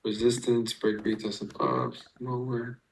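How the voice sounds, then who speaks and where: A man's voice: mid-range voice, animated, measured pace, creaky, a little hiss or hum, low-quality recording. A man streaming live, talking a chat through chart setups and trade entries, swearing freely and calling out viewers. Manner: explains chart setups step by step. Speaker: trading streamer.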